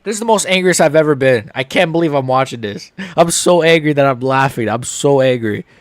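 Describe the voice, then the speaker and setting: A man's voice: medium pitch, lively intonation, a little fast, dry recording. A young man hosting a live fight reaction, ranting heatedly and swearing. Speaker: MMA channel host.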